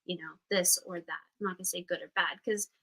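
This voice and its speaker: A woman's voice: lowish voice, fairly even intonation, fast talker, bright, forceful tone, slightly rough, low-quality recording. A woman in her thirties hosting a casual astrology class, talking candidly and chattily with frank swearing. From Utah, United States. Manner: candid, chatty, swears, acts out quoted voices. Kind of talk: casual livestream astrology talk.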